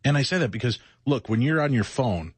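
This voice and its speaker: A middle-aged man with a husky voice and a dry, close studio sound co-hosts a late-night radio show. He sounds worn out and short on sleep, rambling and reflecting with self-mocking asides. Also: medium pitch, expressive, a little fast, no room sound. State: exhausted, sleepless. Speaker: radio co-host.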